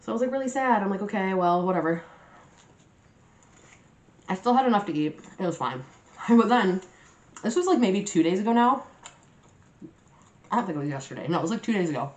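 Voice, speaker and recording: A young woman vlogger chatting casually to her viewers, telling a story in a lively, animated way and swearing freely. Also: on the low side, a little fast, long pauses. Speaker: mukbang vlogger. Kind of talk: casual storytime chat to camera. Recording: roomy echoey room.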